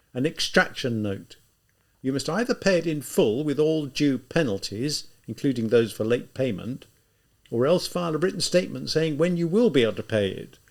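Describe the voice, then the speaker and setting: A man's voice: on the high side, darkish tone. A man voicing an officious office clerk reciting bureaucratic procedure, in an audiobook reading. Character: male office clerk, officious and matter-of-fact.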